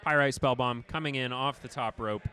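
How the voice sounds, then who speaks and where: A man's voice: medium pitch, normal speed, bright, forceful tone. A man giving play-by-play commentary on a card game match on a live stream, with dry asides.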